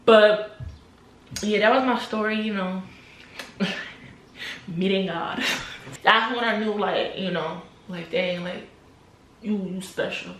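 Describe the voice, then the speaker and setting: A young adult woman telling a personal story to camera in a casual, animated way, repeating phrases and sometimes dropping to a near-whisper. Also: medium pitch, roomy sound, slight background noise. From New Jersey, USA. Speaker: vlogger.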